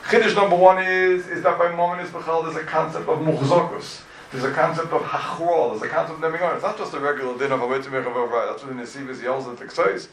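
A man teaching a Talmud class, animated and full of rhetorical questions, recorded from a distance in an echoey room. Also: on the high side, fast, a little hiss or hum. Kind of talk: lively Talmud class lecture.

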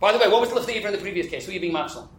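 A man teaching a Talmud class, animated and quick, fielding questions and dropping in Hebrew and Yiddish terms. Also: high-pitched, echoey room, low-quality recording. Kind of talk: interactive class lecture.

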